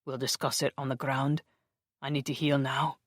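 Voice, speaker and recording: An audiobook narrator voicing a gruff, bossy male vampire soldier from the Highlands who speaks with a Scottish brogue, growling and curt. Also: flat delivery, normal speed, fairly bright tone, dry recording, clean studio sound, natural voice.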